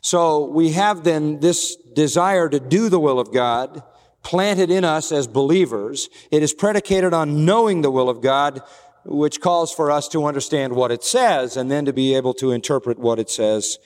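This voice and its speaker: A man preaching a sermon, reading Scripture passages slowly and deliberately between his own teaching. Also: on the high side, a little mellow, long reverb tail. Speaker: pastor.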